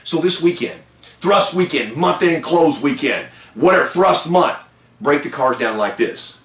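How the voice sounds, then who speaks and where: A man hosting a car sales meeting, giving an energetic, folksy motivational pep talk. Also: fairly high pitch, measured pace, echoey room. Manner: energetic, folksy, lively with whoops.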